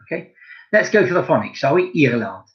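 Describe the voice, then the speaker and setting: A man teaching a recorded home-learning lesson to young children, slow and encouraging, spelling out words letter by letter. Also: mid-range voice, big pitch swings, lo-fi sound. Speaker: primary school teacher.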